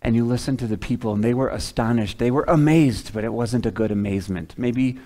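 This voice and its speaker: Man preaching a lively conversational sermon. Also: medium pitch, brisk. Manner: conversational, dramatizes voices of townspeople. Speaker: pastor.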